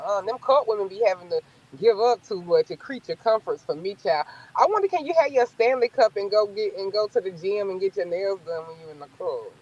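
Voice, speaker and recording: A woman with a Southern US accent, telling stories in a sassy, blunt, animated way during a casual chat. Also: mid-range voice, a little fast, muffled recording. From American South.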